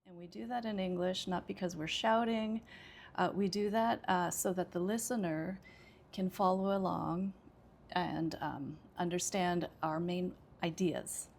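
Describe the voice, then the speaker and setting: A woman's voice: lowish voice, fairly even intonation, a little slow, gravelly, a little mellow. An American woman teaching an English pronunciation lesson, explaining patiently with frequent "okay" and small hesitations. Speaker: ESL teacher.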